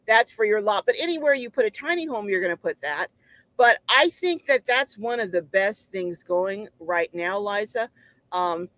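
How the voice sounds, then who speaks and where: A woman's voice: a little high, a bit bright, dry recording, rough recording. A middle-aged woman hosting a casual live stream, reading viewer comments aloud and answering them with chatty exclamations and frequent ums.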